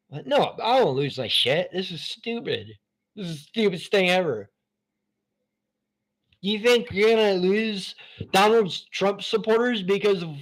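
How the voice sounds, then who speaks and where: A man hosting a live stream from his phone, rambling between topics in an excitable, profane way. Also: high-pitched. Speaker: channel host.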